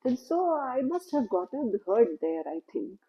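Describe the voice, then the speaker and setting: A woman voicing a gentle, humble male snake who speaks mildly and forgives everyone, in a told story. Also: a little high, sing-song, unhurried, muffled recording, pitched above the performer's own voice. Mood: mild, forgiving. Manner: mild, soft-spoken.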